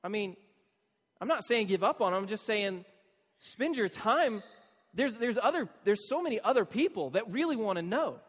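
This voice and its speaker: A man preaching a conversational sermon, animated and asking the listeners rhetorical questions. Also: high voice, moderate pace, long reverb tail. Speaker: pastor.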